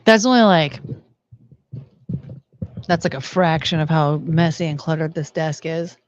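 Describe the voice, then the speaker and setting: A young woman streaming a casual chat, talking to her dogs in a high baby-talk voice between plain remarks. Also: measured pace, muffled recording, slight background noise.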